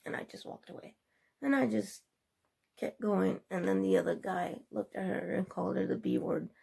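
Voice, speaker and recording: A young woman tells a long, meandering story to her camera, acting out what everyone said along the way. Her voice is heavily gravelly, with a deep fry, and is very rough and husky. She keeps the delivery chatty and informal throughout. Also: brisk, a little mellow. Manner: rambling, chatty retelling with quoted dialogue. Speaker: vlogger. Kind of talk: casual storytelling vlog.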